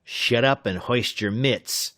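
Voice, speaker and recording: A man voicing a big, rough gunman in an audiobook, snarling his threats. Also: medium pitch, big pitch swings, a little slow, dry recording, clean studio sound, voice pushed up. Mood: menacing. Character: big rough adult male gunman, menacing.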